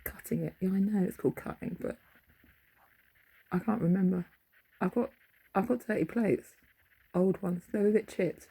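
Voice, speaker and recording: Gravelly, husky middle-aged woman. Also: mid-range voice, moderate pace, long pauses, mellow. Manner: meandering, loses her thread, searches for words. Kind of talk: rambling casual monologue recounting a dream.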